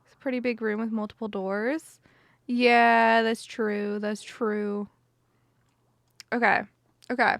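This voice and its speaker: A woman's voice: fairly high pitch, little pitch movement, takes it slowly, vocal fry, long pauses, fairly bright tone, dry recording. A woman in her twenties hosting a charity livestream, chatty and upbeat, often saying "dude". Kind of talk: casual livestream chat.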